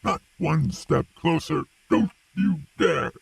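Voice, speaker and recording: An actor voicing a gloomy, proud old male warrior robot in a video game, melodramatic and self-pitying, with a gravelly, filtered robotic voice. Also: a little high, slow, recorded from a distance, full character voice. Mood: hostile.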